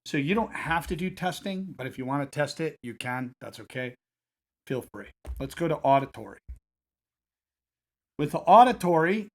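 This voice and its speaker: A man guiding listeners through a self-help technique in a calm, repetitive coaching cadence. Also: a little high. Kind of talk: guided self-help instruction.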